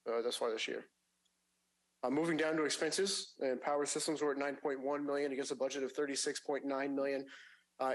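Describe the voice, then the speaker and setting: A man giving a finance report at a public agency meeting, with a measured delivery and frequent fillers and restarts. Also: medium pitch, poor audio.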